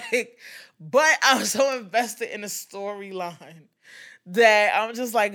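A woman hosting a podcast with a bright, forceful tone. She talks bluntly and swears freely, acting out quotes in an animated way and firing off fast asides. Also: medium pitch. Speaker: podcast host. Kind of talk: casual pop-culture chat.

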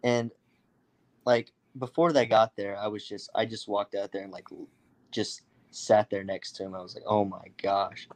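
A young man from the United States recounts a story in a casual, animated way. His voice sits a little low, and he jumps into other people's voices for the quoted lines. His talk is loose, with plenty of fillers. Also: normal speed. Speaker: guest storyteller.

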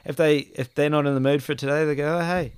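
A man in casual chat, telling lively stories and acting out what people said, with the odd swear word. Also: a little high, quick pace, clean tone, no room sound. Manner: animated storyteller, acts out quotes, swears casually.

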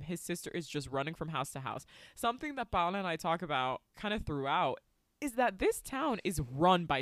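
Woman podcast co-host, profane movie recapper, very expressive delivery, dry close sound. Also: lowish voice, dry recording. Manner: profane, sarcastic storytelling.

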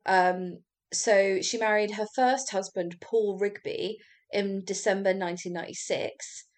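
A woman casually recounting a true crime story on a podcast, chatty and quick to laugh, with the odd swear word. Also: medium pitch, fairly even intonation.

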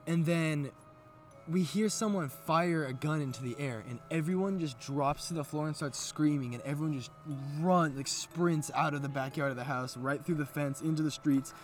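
A young man co-hosting a podcast, telling stories in a loose, profane, animated way, recorded outdoors at night. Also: on the high side, moderate pace, faint music behind. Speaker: podcast co-host. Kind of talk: casual storytelling chat. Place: outdoors at an abandoned aqueduct at night.

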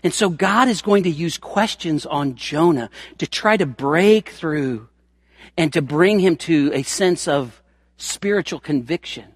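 High-voiced emphatic male preacher. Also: lively intonation, a little slow, slightly rough, no echo, clean studio sound. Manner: emphatic, folksy preaching with dramatized scripture quotes. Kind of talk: sermon.

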